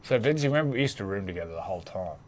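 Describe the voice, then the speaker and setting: A man's voice: deep voice, expressive, rapid-fire, a little mellow. A middle-aged Australian man, a former rugby league player, telling cheeky anecdotes in a laconic, laughing way. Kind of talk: casual storytelling chat.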